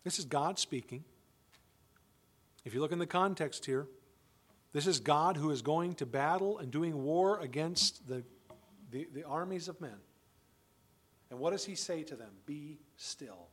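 Male pastor, high voice, emphatic sermon delivery with rhetorical questions. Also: measured pace, pauses often, fairly bright tone, slightly rough. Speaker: father of children.

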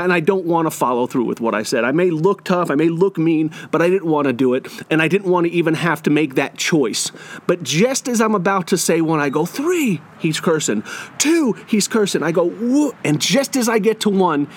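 A man who used to be a teacher, telling a personal story and acting out the dialogue, with frequent restarts and fillers. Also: fairly high pitch. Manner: animated, acts out the dialogue. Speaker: former teacher.

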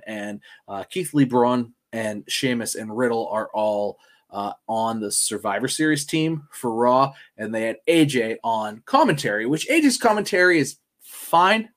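A man co-hosting a podcast, talking in a rambling, excitable way with lots of fillers and restarts. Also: medium pitch, normal speed. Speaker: podcast co-host. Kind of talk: casual chat.

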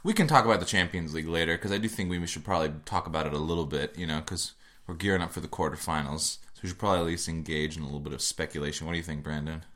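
A man co-hosting a casual football podcast, talking in an animated, rambling way with many restarts. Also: a bass voice, very fast, hardly any pauses. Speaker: podcast co-host. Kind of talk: casual sports chat. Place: Madrid.

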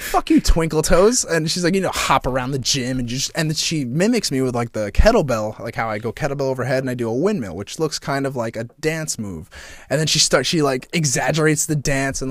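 A man talking casually on a podcast, animated and full of swearing. He tells stories and sometimes breaks into squeaky mock voices. The sound is dry and close. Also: no echo. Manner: animated storyteller, swears a lot, jumps into squeaky mocking voices. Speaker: podcast co-host.

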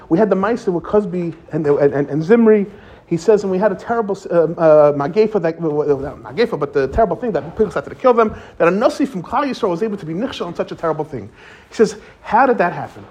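A rabbi with a high, slightly husky voice gives a casual weekly Torah lesson. He talks through the texts conversationally and paraphrases the commentators with some animation. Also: darkish tone.

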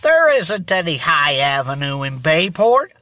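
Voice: mid-range voice, sing-song, a little slow, bright, forceful tone, no echo, pitched below the performer's own voice. A reader voicing Joe, an earnest younger teenage detective in a storybook reading. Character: teenage boy detective, eager younger brother.

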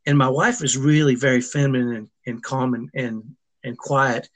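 Speaking with fairly even intonation at medium pitch, a middle-aged man shares a family story as a guest in an interview. His telling is heartfelt and emotional, halting, with frequent restarts.

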